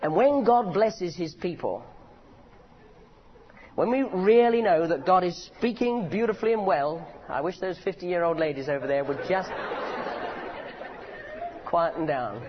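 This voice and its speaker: Animated high-voiced preacher, lo-fi recording. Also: male voice, measured pace, long pauses, a faint crowd, slight background noise. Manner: animated, humorous storytelling. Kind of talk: sermon.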